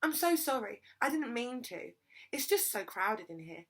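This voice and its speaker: A woman's voice: high-pitched, lively intonation, normal speed, fairly bright tone, pitched above the performer's own voice, exaggerated voice. A woman voicing a pleading young schoolgirl. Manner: eager, gabbling pleas. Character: young schoolgirl narrator, earnest and anxious.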